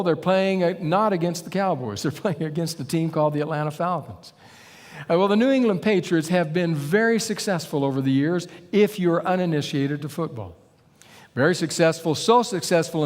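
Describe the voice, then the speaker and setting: A middle-aged man preaching a sermon, telling stories with animated retellings. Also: a little high. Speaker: pastor. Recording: long reverb of a hall.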